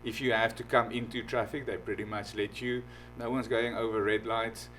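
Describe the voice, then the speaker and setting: A man hosts a podcast in a loose, excitable way, casual and profane as he chats. Faint music plays behind him, and his voice stays at an ordinary middle pitch. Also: normal speed. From not from the United States. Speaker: podcast host. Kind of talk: casual conversation.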